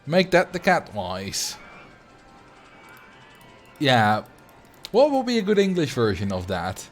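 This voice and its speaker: A Dutch-accented man rambles happily through a gaming livestream, thinking out loud as he plays. His voice sits at a middling pitch but swings up and down a lot. Faint game music plays beneath his desk-mic chat. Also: wildly swooping pitch, slow pace. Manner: chatty and rambling, thinking aloud. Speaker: streamer. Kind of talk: casual livestream chat while playing.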